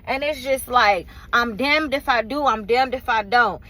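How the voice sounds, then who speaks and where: A woman's voice: on the high side, measured pace, sharp tone, rough recording. A woman venting in a casual, rambling rant from her car, weary and frustrated, swearing freely and leaning on fillers. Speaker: vlogger and small business owner.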